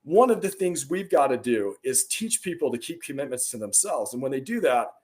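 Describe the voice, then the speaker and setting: A man's voice: medium pitch, sing-song, fairly quick, darkish tone. A middle-aged man, a podcast guest, telling stories in an earnest, emphatic way, with bursts of rising energy. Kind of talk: conversational interview storytelling.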